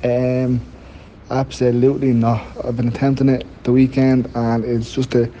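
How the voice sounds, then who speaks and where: A man's voice: mid-range voice, flat delivery, moderate pace, warm tone, lo-fi sound, a little hiss or hum. A young man answering questions in casual chat, hesitant with dry humour.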